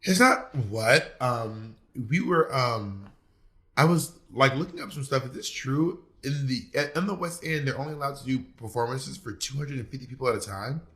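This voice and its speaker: A man's voice: medium pitch, moderate pace, bright, forceful tone. A man co-hosting a podcast in casual, teasing chat, swearing freely. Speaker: podcast co-host.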